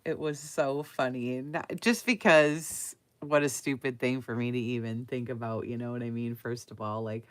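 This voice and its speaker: A woman talks through a handmade craft journal in a loose, chatty way, full of fillers and little laughs. Her voice sits unusually low for a woman. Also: fairly even intonation, moderate pace. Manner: rambling, giggly, many fillers. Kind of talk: casual chatty flip-through.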